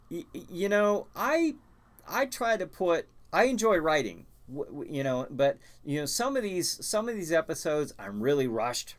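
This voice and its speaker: A man hosting a live stream, chatting casually and answering viewer comments, with many restarts and fillers. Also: mid-range voice. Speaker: host.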